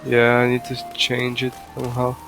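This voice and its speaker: Flat-voiced man. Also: mid-range voice, creaky. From Brazil. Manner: halting, searching for words. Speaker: friend playing along. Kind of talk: casual online voice chat. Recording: game music behind voice.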